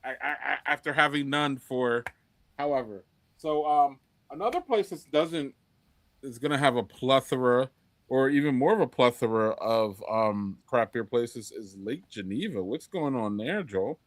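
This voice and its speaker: Man, podcast co-host, chatty, halting, dry close recording. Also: medium pitch, lively intonation, dry recording. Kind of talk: casual chat.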